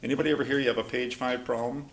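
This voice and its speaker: A man's voice: medium pitch, racing, slight background noise. A man leading a recovery study class, talking casually and animatedly, acting out quotes as he goes. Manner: conversational, animated, acts out quotes. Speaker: class leader.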